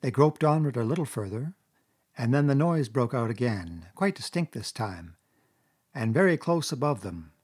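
A man reads a classic children's story aloud in measured, expressive audiobook narration. His voice sits in an average pitch with a husky, breathy grain.

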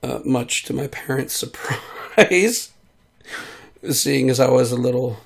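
A man's voice: medium pitch, slow, creaky, slightly rough. A man who is sick, rambling in a casual monologue and trailing off with many fillers. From United States. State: sick, voice hard to control. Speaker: vlogger.

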